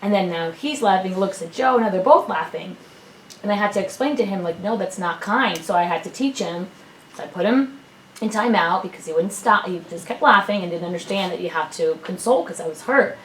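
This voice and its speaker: A young woman, a mother in a church seminar, tells a story in a chatty way with many fillers. Her voice sits at an everyday pitch and comes from some distance in an echoey room. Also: brisk, fairly bright tone, slight background noise. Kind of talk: telling a personal story in class. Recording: echoey room, mic far off.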